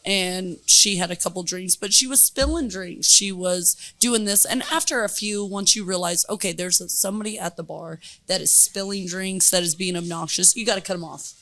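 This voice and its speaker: A woman bartender telling a lively story in casual chat, acting out the people in it. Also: fairly low pitch, normal speed, few pauses. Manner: animated storyteller, acts out quotes. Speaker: bartender guest.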